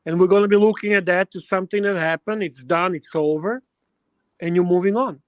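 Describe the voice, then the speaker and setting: A man's voice: high voice, a little fast, dry recording. A man co-hosting a casual livestream, speaking hesitantly with many fillers and a reassuring tone. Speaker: regular livestream co-host. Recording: dull, dry lo-fi mic.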